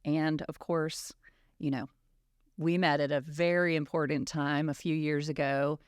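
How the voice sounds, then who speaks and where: A woman, a family law attorney co-hosting a podcast, speaking in a warm, earnest way. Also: low-pitched, flat delivery, unhurried, clear, resonant tone, no echo, clean studio sound. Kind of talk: casual conversational chat.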